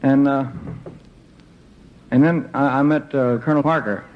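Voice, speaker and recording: A man's voice: medium pitch, steady tone, moderate pace. Male performer, easygoing storyteller onstage, dull old live recording with a faint hiss. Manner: laid-back and joking, with many fillers and restarts. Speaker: stage performer addressing a concert audience. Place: concert stage.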